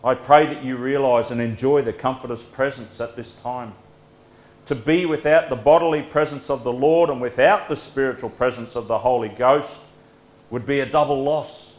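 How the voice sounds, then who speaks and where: A man preaching a devotional sermon in a gentle, earnest way, letting his phrases fall soft at the ends. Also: mid-range voice, roomy sound, poor audio.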